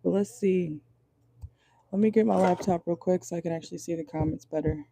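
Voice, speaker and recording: Hoarse, chatty woman tarot reader; gravelly, very dark tone, casual live-stream delivery. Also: fairly low pitch, fairly quick, a little hiss or hum. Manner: chatty, reads viewer comments aloud. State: hoarse, voice going out. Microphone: phone or laptop in a car.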